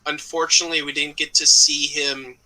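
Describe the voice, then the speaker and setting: A man co-hosting a wrestling podcast in casual chat, measured and deliberate. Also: a little high, little pitch movement, sharp tone, low-quality recording. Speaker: podcast co-host.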